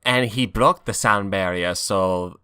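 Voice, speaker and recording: A man's voice: on the low side, takes it slowly, bright, forceful tone, clear, resonant tone, no room sound, clean studio sound. A man co-hosting a podcast, bantering in a joking, casual way. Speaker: podcast co-host. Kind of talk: casual chat.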